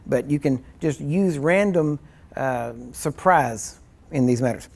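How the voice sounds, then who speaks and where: A man's voice: on the high side, slow. Rambling, chuckling male minister teaching. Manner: rambling and conversational, acts out little scenes with chuckles. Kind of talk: informal teaching sermon.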